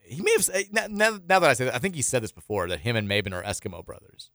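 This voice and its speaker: A man's voice: mid-range voice, wildly swooping pitch, rapid-fire, fairly bright tone, dry recording. A man hosting a sports radio show in a studio, reading out listener texts in a loose, rambling way with frequent restarts and chuckles.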